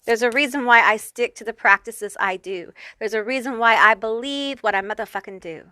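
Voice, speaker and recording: A woman reads tarot cards for the viewer in a blunt, foul-mouthed, fired-up way. Her voice is bright and forceful and sits a little high. It is close and dry, with no room sound. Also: a little fast, no room sound. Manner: blunt, profane and fired-up, talking straight to the viewer. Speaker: tarot reader. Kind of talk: pick-a-card tarot reading.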